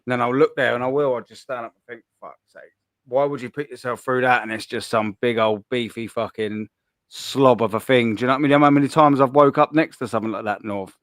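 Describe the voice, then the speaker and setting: A man's voice: medium pitch, fairly even intonation, fast talker, fairly bright tone, no echo, clean studio sound. A man, joking crudely in casual banter, tagging lines with "do you know what I mean". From England. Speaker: podcast co-host.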